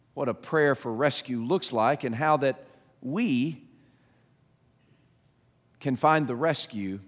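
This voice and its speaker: A middle-aged man preaching a sermon as pastor, earnest and halting, often restarting and asking the listeners questions. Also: a little high, a bit bright. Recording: long hall reverb.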